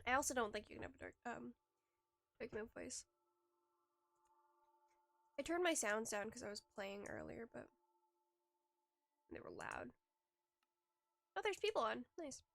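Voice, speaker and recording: A woman's voice: a little high, lively intonation, normal speed, gravelly, long pauses, fairly bright tone, dry recording. A woman streamer chatting casually while she plays, rambling and restarting her sentences with little giggles. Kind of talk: casual live-stream chat while gaming. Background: faint background music.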